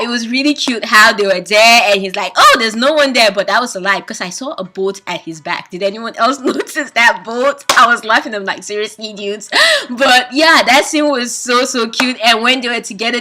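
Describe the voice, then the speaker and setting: A high, bright-voiced woman chats through her drama review in a casual video. She gushes with excitement and acts out her own reactions as little quoted asides. Her tone stays crisp and forward. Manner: gushing, excitable, gasps and laughs often.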